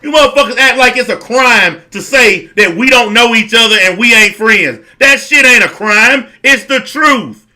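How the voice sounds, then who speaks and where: Ranting to camera with hardly any pauses, this online commentator has a high, forceful, hard-edged voice and moves at a moderate pace. He swears heavily, confronts bluntly, repeats lines for emphasis, and never softens or shows politeness.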